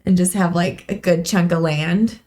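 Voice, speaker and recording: A woman's voice: lowish voice, fairly even intonation, moderate pace, dark tone. A woman co-hosting a reaction video, chatting in an easy, agreeable way. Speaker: co-host. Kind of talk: casual chat.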